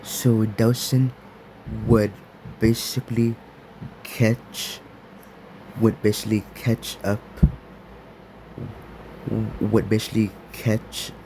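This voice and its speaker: A man narrating an improvised fan story, halting, with many repeats and restarts. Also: on the low side, little pitch movement, warm tone, slight background noise.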